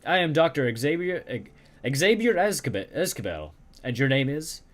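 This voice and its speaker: A man voicing a smiling, smooth male elf doctor in a video game, reading the lines plainly and tripping over names now and then. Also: fairly high pitch, very animated, normal speed. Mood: friendly.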